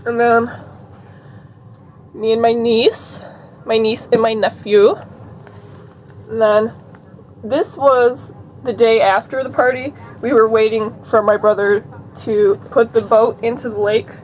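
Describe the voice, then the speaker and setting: Young woman vlogging, chatty and giggly, slightly high voice, faint background hiss. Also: level tone, slow pace, pauses often. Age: young adult. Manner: chatty, giggly, reads out a list. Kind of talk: casual vlog chat.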